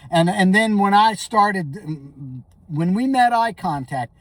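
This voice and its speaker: A man's voice: high-pitched, expressive, takes it slowly, fairly bright tone, no room sound, far from the mic. A man rambling through a comic monologue in character, stammering and repeating himself. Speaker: comedic storyteller.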